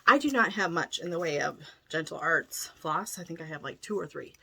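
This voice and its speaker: A woman's voice: deep voice, expressive, a little fast, gravelly, sharp tone, breathy edge. A middle-aged woman chatting casually as a cross-stitch vlogger, enthusiastic and full of self-corrections. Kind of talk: casual chat showing a haul.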